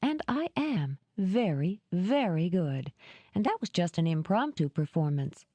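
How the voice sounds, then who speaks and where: A woman's voice: fairly low pitch, sing-song, measured pace, dark tone, dry recording. A woman voicing a playful, theatrical young woman who teases and fakes tears. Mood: smug. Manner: teasing, theatrical, tearful act.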